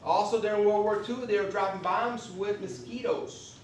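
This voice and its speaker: A high-pitched man with a steady tone speaks at normal speed, picked up from afar with slight hiss or hum in an echoey convention meeting room. Folksy and emphatic, he runs a live class on veterans benefits and keeps checking in with "okay?"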